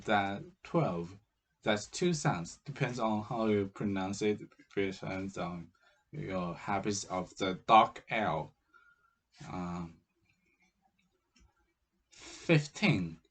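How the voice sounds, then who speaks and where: Slow, husky-voiced man with Chinese accent. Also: sits low, fairly bright tone. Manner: hesitant, many fillers and restarts. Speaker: teacher. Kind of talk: explaining with slow, halting delivery.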